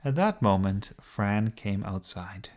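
A man reads a children's story aloud in a low, gentle voice. He takes his time and lets his tone rise and fall with a lot of expression. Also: expressive. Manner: gentle, unhurried reading.

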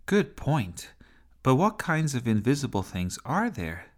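A man's voice: very animated, measured pace. Sophie, a man doing a bossy little girl. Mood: chatty. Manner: pitch raised for a child voice. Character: young girl, bossy and imaginative. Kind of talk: children's storybook reading.

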